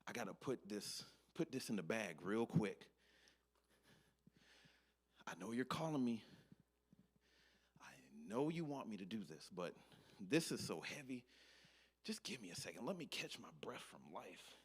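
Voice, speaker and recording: A man's voice: lowish voice, very animated, a little slow, pauses often, husky. A man preaching a short sermon in a conversational, earnest manner, peppered with "you know". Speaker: speaker, preacher.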